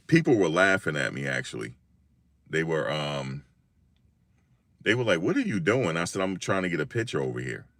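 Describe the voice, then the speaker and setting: Deep-voiced man from Virginia, chatting. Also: moderate pace, pauses often, no echo. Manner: animated slangy storytelling, acts out quotes. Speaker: live-stream host. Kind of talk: casual live-stream chat.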